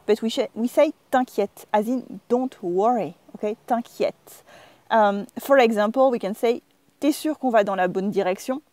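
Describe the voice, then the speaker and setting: A French woman with a French accent, teaching English-speaking learners in an online lesson, explaining slowly and repeating example phrases expressively. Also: a little high, dark tone, no echo. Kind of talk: online language lesson to camera.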